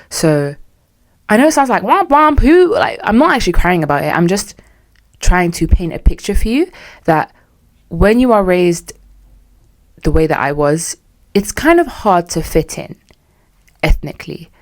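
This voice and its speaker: A woman's voice: on the low side, darkish tone. A young British woman hosting a solo podcast, candid and chatty with a sarcastic streak. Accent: British English. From United Kingdom. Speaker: podcast host.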